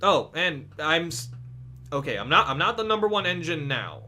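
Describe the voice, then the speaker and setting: A man's voice: on the high side, moderate pace. A young man talking casually about games in a vlog, swearing freely and stumbling over restarts. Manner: animated, profane, stumbling restarts. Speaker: gaming video creator. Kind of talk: casual gaming vlog commentary.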